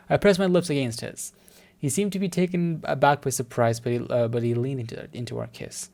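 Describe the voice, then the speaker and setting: A man's voice: mid-range voice, lively intonation, moderate pace, a little mellow. A man reading a visual novel aloud, breaking off into flustered, jokey, stammering commentary. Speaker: gaming video creator.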